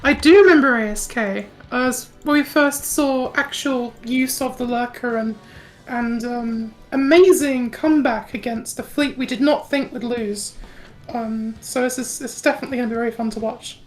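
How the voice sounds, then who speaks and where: A woman calls a live game tournament in a Yorkshire and South African blend, her voice high. She giggles often and trails off mid-thought. Faint music plays behind her. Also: normal speed. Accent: mix of Yorkshire and South African. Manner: giggly, rambling, often loses her words. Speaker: tournament co-caster.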